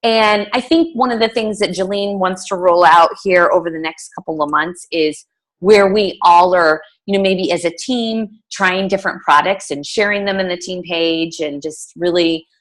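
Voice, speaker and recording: A woman's voice: fairly low pitch, moderate pace, fairly bright tone. A middle-aged woman, a fitness coach, giving a casual team training talk, chatty with many fillers and restarts.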